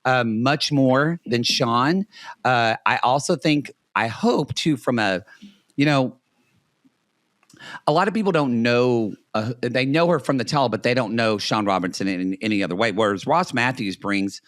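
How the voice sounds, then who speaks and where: A man co-hosting a casual podcast, chatting in an animated way, swearing freely and often restarting his sentences. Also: medium pitch, unhurried, no echo, studio quality. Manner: animated, profane, lots of restarts. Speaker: podcast co-host.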